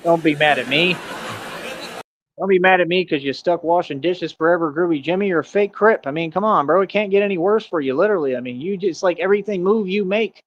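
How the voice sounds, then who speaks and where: A man on a livestream, bragging loudly and mocking rivals in a loose, rambling way. His voice sits a little higher than most men's, and his speech is full of fillers. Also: brisk, lo-fi sound, a little hiss or hum. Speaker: streamer. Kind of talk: livestream rant.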